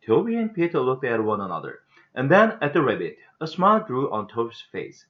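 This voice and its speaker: A man with a Korean accent reads an English children's book aloud at home, steady and careful. His pitch rises and falls in a lively way as he narrates and lightly voices the characters. The recording is dull and lo-fi. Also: a little fast. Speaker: father reading aloud for English practice. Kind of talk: storybook read-aloud.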